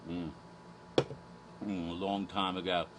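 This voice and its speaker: A man's voice: low voice, flat delivery, takes it slowly, noisy background. Man with a put-on British accent. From Asia. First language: American English. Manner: theatrical, silly asides, chuckling digressions. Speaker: horror theme park vlogger. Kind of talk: rambling casual commentary in a persona.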